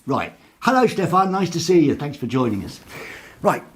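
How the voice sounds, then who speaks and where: A man's voice: a little high, very animated, moderate pace, slightly rough. A man hosting a casual live show from a small studio, reading out viewer comments with cheeky, rambling jokes. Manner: jokey, rambling, cheeky asides.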